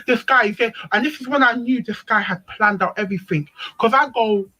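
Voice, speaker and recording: A woman tells a personal story on a live panel stream. She talks in an animated, emphatic way and leans on repetition to drive each point home. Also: a little high, a little fast, few pauses, low-quality recording. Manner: animated, emphatic, repeats herself. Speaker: panel speaker.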